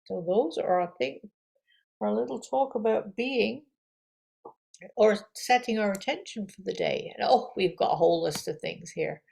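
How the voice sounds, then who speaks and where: A woman yoga teacher gently leading affirmations and breathing for a guided meditation. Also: mid-range voice, gravelly, slightly rough. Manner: gentle, slow, encouraging, with audible breaths.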